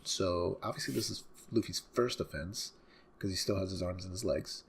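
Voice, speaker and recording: A man hosting a live manga reading reaction, animated and slangy, laughing often. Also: sits low, moderate pace, vocal fry, slightly rough.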